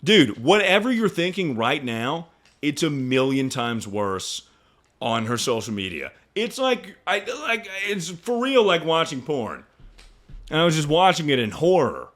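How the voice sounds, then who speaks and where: A young male streamer telling a story to his chat in casual talk, swearing freely and sounding incredulous. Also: a little slow. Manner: animated, incredulous, swears freely, jumps to high pitch when mocking.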